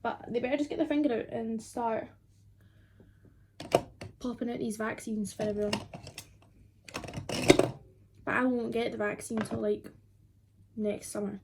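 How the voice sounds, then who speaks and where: A woman's voice: fairly high pitch, steady tone, unhurried, vocal fry, pauses often, background noise. A twenty-year-old woman, chatting casually and rambling with lots of fillers while doing her makeup at home. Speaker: beauty vlogger.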